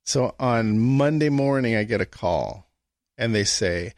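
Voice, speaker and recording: In a casual conversation, a guest tells an animated anecdote and acts out what the people in it said. He has a mid-range voice and a measured pace, recorded in studio quality with no echo.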